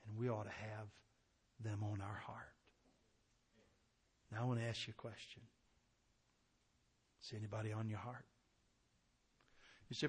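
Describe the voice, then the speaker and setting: A man preaching a sermon with fervor, swinging from loud to hushed. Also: medium pitch, expressive, normal speed, long pauses, slightly rough.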